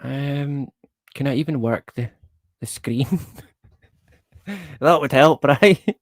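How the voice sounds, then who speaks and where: A man's voice: mid-range voice, slow, dry recording, clean studio sound. A man hosting a casual livestream, rambling in a laid-back way, chuckling often and swearing casually. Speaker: livestream host.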